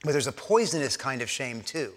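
A man's voice: mid-range voice, sing-song, fairly quick, fairly bright tone. Conversational male pastor in echoing church. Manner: conversational, with frequent repeated words and acted-out quotes. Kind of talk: sermon. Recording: long church reverb.

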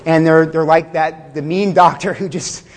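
A man preaching a sermon in a conversational way, with fillers, chuckles and slowed words for emphasis. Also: on the high side, steady tone, long reverb tail. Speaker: pastor.

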